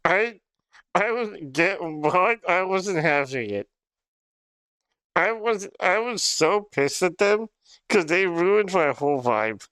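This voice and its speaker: A man's voice: high voice, lively intonation, takes it slowly, sharp tone, clear, resonant tone, dry recording. A young man livestreaming in casual chat, rambling and swearing with frequent laughs. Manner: rambling, profane, laughs often.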